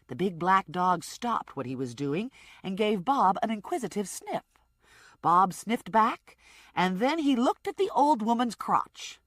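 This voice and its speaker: Lively woman narrating a comic audiobook. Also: mid-range voice, unhurried, no room sound, studio quality.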